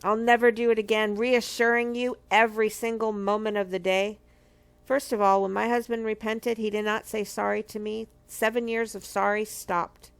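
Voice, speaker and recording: A middle-aged woman speaks in an earnest, emphatic way, teaching from her own story for a marriage ministry. Her mid-pitched voice carries a steady gravelly fry, and she leans on repeated phrases to drive each point home. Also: normal speed. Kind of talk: personal testimony teaching.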